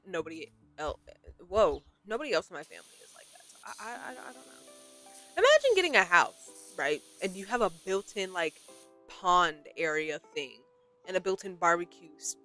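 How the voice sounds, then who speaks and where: Bright-voiced young woman rambling casually. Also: mid-range voice. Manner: rambling, self-deprecating, frequent restarts. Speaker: gaming streamer. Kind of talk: casual rambling chat while playing.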